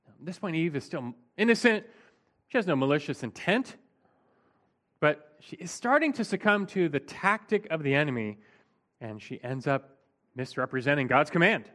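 A man's voice: on the high side, sing-song, moderate pace, a bit bright. A man preaching an expository Bible teaching in a conversational, emphatic way, often saying "like".

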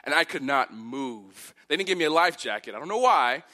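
A pastor, preaching with a bright, forceful tone. He tells a story with big swings, rising to loud emphatic peaks and then dropping to hushed asides. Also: on the high side, expressive, fairly quick. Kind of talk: sermon with personal story.

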